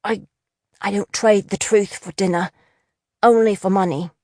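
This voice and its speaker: A woman's voice: mid-range voice, steady tone, unhurried, darkish tone, no room sound, clean studio sound, close to an everyday voice. A woman voicing a nervous, apologetic young male mine worker who tells fortunes, in a storybook reading. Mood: nervous pleading. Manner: pleading and apologetic.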